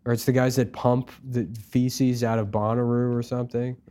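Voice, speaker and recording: A man in loose, profane comedy banter on a podcast. He riffs quickly from one joke to the next and slips into mocking voices. His pitch sits in an ordinary middle range. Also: level tone, warm tone, clear, resonant tone. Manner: crude, riffing, drops into mocking impressions. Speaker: podcast co-host. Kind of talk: casual comedy chat.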